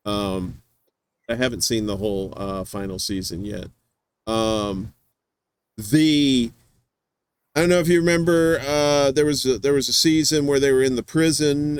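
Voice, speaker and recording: A man's voice: medium pitch, clear, resonant tone. A man hosting a casual live-stream chat, rambling with many fillers and restarts. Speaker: podcast host.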